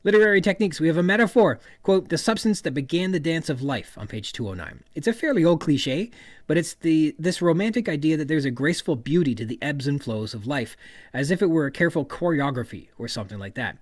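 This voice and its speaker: Guy breaking down a novel on his podcast, reads quotes out, pitch jumps all over, dry room sound. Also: fast talker, no echo. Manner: reads quoted passages aloud, then explains them; lively, expressive emphasis. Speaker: podcast host. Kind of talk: literary analysis monologue.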